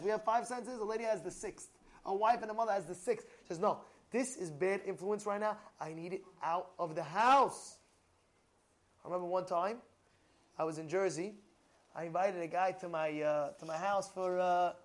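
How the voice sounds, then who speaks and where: A young man giving an animated sermon as a rabbi, telling stories, acting out dialogue and asking his listeners questions. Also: high-pitched. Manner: excitable, storytelling, asks the audience questions, swings from loud to hushed. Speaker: rabbi giving a Torah class.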